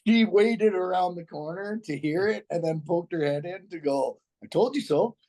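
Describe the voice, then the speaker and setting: A man's voice: high voice, measured pace, warm tone, low-quality recording. A man being interviewed as a podcast guest, telling a story casually and bluntly, swearing freely, restarting his sentences and chuckling along the way.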